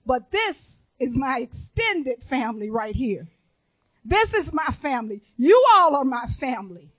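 A woman minister from Chicago preaching a sermon in an earnest, testifying way, moving between hushed and emphatic. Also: high-pitched, very animated, a little slow, dry recording, poor audio.

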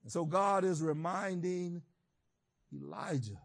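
A man preaching a sermon, swinging between shouted emphasis and quiet, reflective teaching. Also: sits high, normal speed.

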